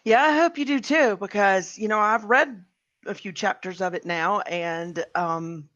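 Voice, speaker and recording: A woman's voice: mid-range voice, unhurried, a bit bright, no room sound. Chatty woman writer cohosting a podcast, lots of "you know"s, kinda muffled lo-fi sound, dry. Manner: chatty, many fillers. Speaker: co-host and fiction writer. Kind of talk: casual podcast chat. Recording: slightly dull lo-fi sound.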